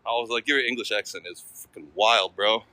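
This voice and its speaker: A man's voice: lowish voice, a little fast, pushed and bright, no echo. An American man live-streaming as he walks city streets, chatting casually with viewers in slang. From United States. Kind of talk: walking live-stream vlog.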